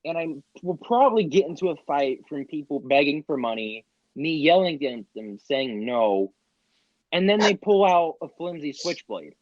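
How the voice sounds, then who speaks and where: A man's voice: on the high side, very animated, moderate pace, no room sound. A young man co-hosting a podcast in casual chat, spinning absurd tangents in a matter-of-fact way. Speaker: podcast co-host. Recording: dull dry lo-fi mic.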